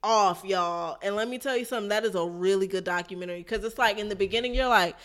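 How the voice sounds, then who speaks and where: A woman's voice: medium pitch, quick pace, fairly bright tone, faint music behind. A woman in casual chat, animatedly retelling a wild story, swearing freely and calling her listener girl.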